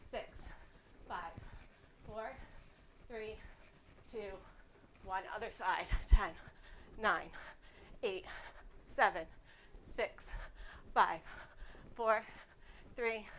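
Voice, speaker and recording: A woman's voice: medium pitch, a bit bright, rough recording. Woman fitness instructor, chatty and upbeat, counting reps, a little winded, faint noise behind. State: slightly winded.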